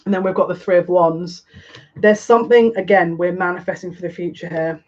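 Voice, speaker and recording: A woman's voice: on the low side, fairly even intonation, darkish tone. Musing woman reading tarot, dull audio. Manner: musing, halting, repeats words while searching for meaning. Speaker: psychic tarot reader. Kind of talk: live tarot card reading.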